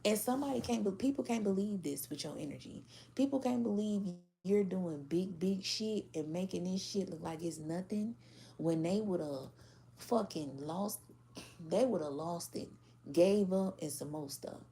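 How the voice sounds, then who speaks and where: A woman's voice: medium pitch, normal speed, vocal fry, dark tone, slight background noise. A woman giving a casual tarot reading to a general audience, blunt and profane, acting out how other people react. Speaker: tarot reader.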